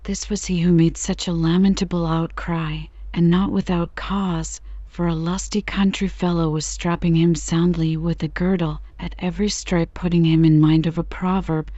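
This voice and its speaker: A woman narrating a classic novel in a calm, soothing bedtime reading. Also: fairly low pitch, no echo, lo-fi sound. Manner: calm, even, unhurried.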